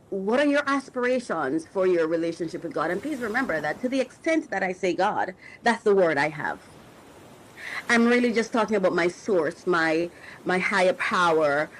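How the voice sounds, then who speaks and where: On a roughly recorded podcast, a middle-aged female host and coach reflects on faith for her listeners, her voice fairly low in pitch yet fairly bright in tone. She comes across as emotional and searching, frequently starting over while she looks for the right words.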